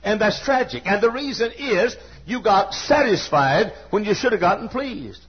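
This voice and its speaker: A middle-aged man preaching a sermon to a church congregation, telling folksy family stories and breaking into sudden shouts. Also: high voice, lively intonation, moderate pace, highs cut off, a little hiss or hum. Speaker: pastor. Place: church sanctuary.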